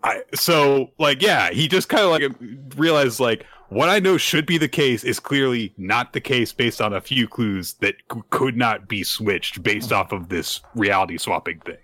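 A man's voice: medium pitch, animated, normal speed, few pauses, bright, forceful tone, no room sound. A man hosting a casual manga review chat, rambling with lots of fillers and cheerful swearing. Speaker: podcast host.

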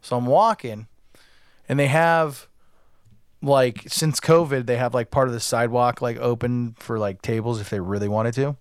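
A man's voice: mid-range voice, fairly even intonation, moderate pace, clear, resonant tone, no echo, studio quality. Rambling podcast man telling a story. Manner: rambling, many "like" fillers, acts out quotes. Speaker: podcast co-host. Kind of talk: casual storytelling.

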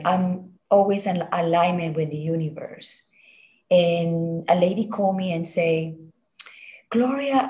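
Halting, lower-voiced woman telling her story. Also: darkish tone. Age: adult. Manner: halting, many restarts and repeated words. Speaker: interview guest. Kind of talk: personal storytelling.

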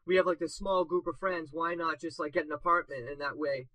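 A young man co-hosting a casual podcast, spinning long rambling anecdotes packed with fillers and bursts of laughter at his own jokes. His voice sits high and very bright. The sound is dry and close, with no room around it. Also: fairly even intonation, a little fast, dry recording, poor audio. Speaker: podcast co-host. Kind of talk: casual storytelling.

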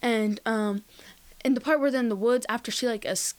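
A woman's voice: on the high side, normal speed, a little mellow. Rambling young woman in casual chat. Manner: rambling, filler-heavy, says "bro" and "like". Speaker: podcast co-host.

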